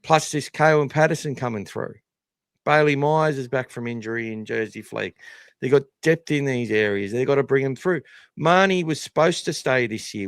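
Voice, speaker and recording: An Australian man hosts a live podcast in a mid-range voice at a moderate pace, with no room sound. He's blunt, sweary, and casual, delivering animated opinions.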